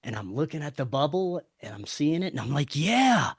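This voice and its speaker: Man telling a wild story, animated. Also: a little high, brisk, husky, dry recording, clean studio sound. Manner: animated, swears freely, acts out the dialogue. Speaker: podcast guest. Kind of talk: casual storytelling.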